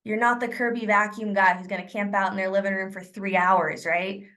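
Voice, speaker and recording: Woman sales trainer on a video call, upbeat coaching delivery, acts out sample pitches. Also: fairly even intonation, fairly quick, a bit bright.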